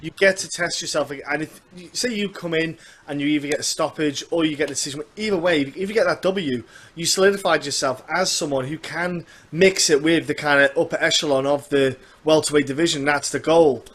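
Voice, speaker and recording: Chatty podcast host, higher voice. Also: male voice, a little fast, hardly any pauses, a bit bright. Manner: chatty, friendly questions. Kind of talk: casual podcast interview. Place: Isle of Man.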